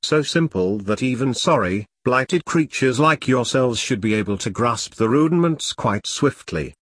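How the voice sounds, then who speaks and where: A man voicing a hulking, pompous male cult leader who booms theatrically and speaks with contempt. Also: lively intonation, a little slow, breathy edge, no room sound. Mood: booming.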